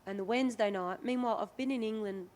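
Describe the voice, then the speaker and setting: A woman's voice: a little high, fast. Chatty Australian woman telling stories. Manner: candid, chatty, lively retelling with quoted dialogue. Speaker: guest, rugby league player. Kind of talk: podcast interview storytelling.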